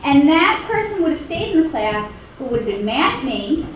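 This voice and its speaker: A woman's voice: sits high, big pitch swings, normal speed, slight background noise. A middle-aged woman teaching a college communication class, chatty and anecdotal, acting out the lines she quotes. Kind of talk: classroom lecture. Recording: echoey classroom recorded from far off.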